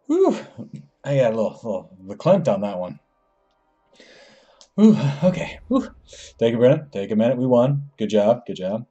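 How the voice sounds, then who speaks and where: Animated man commenting on gameplay. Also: medium pitch. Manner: playful, exclaims "oh my goodness", chuckles at himself. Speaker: gaming channel host.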